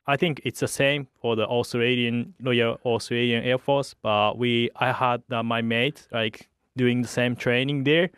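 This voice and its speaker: A young man from Japan with a Japanese accent, a fighter pilot speaking English haltingly with many pauses in a radio interview. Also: mid-range voice, fairly even intonation, a bit bright, clean tone, no echo, studio quality. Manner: hesitant, halting English with many uhs and light laughs.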